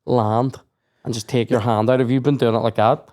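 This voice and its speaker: A man's voice: mid-range voice, fairly even intonation, moderate pace. Sweary man telling stories. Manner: sweary storytelling, acts out shouted quotes. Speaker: podcast host. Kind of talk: casual chat.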